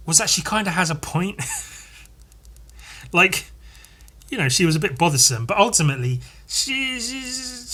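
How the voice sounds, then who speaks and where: Guy rambling thru a story on his podcast, bright edgy tone, kinda raspy, laughs at himself. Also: a little high. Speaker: podcast host. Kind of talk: casual storytelling.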